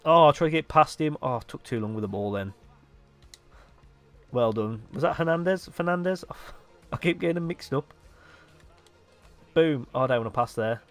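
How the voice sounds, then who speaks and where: A young man giving excitable live commentary on his own football video game match, dropping to low mutters between sudden loud outbursts. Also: normal speed, pauses often, faint music behind. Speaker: gaming YouTuber.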